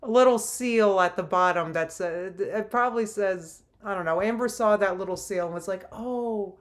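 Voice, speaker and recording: A woman from New Jersey, mid-pitched, commenting live on a video she is watching. She sounds exasperated and mocking, laughing between remarks as she reads out viewer comments. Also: normal speed. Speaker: reaction streamer.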